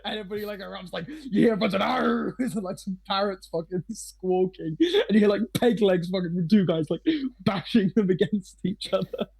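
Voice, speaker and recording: A man narrating a tabletop game as game master, rambling with lots of fillers, swearing and frequent laughter, his voice slightly hoarse. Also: high voice, fairly quick, hardly any pauses, darkish tone.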